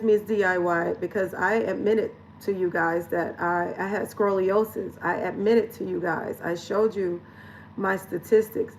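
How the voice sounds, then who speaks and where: A woman's voice: medium pitch, a little hiss or hum, low-quality recording. A woman lifestyle coach talking frankly and chattily straight to her viewers in a casual vlog, swearing now and then. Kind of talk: candid direct-to-camera vlog talk.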